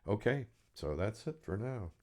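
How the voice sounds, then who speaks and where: A man's voice: lowish voice, sing-song, moderate pace, a little mellow. A man reading aloud from his own novel with a dry, wry delivery. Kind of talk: serialized book reading.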